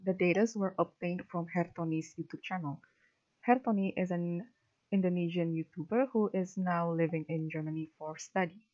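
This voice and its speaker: A woman with a lowish voice reads a prepared research presentation. She keeps an even, formal delivery and drops in the odd filler. The recording is dull and lo-fi. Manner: steady, formal reading with a few fillers. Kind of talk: reading a prepared academic presentation.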